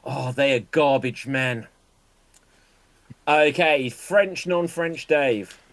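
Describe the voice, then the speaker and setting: A man hosting an improv comedy game, calling on players by name and telling his own bar jokes in a casual way. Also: medium pitch. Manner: unhurried, calls on players by name.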